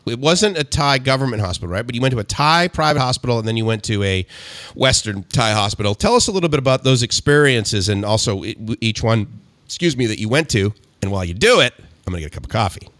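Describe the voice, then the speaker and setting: A man with a bright, forceful tone hosts a casual live-stream chat, upbeat and joking while he moves the talk along. His voice sits in a middle range and is recorded dry and close. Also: medium pitch, lively intonation, fast talker, no echo. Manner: upbeat, joking, steering the conversation.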